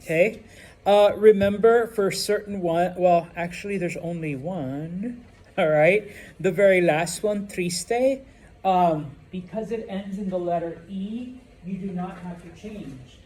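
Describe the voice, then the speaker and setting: A man's voice: high voice, takes it slowly, darkish tone. A male Spanish teacher giving a classroom lesson, explaining patiently and checking in with "okay?" and "all right?".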